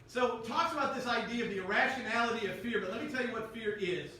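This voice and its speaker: Male pastor, casual bible class, bright voice, distant mic. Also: very high-pitched, fast, a little hiss or hum. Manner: conversational, frequent "right?" checks. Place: church classroom. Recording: echoey room, mic far off.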